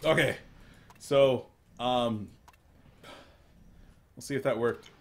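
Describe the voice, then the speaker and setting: A man's voice: medium pitch, moderate pace. Hiccuping young male game caster. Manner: chatty, self-deprecating, bursts of excitement on plays. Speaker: esports caster. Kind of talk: solo play-by-play commentary from home. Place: room at his mother's home.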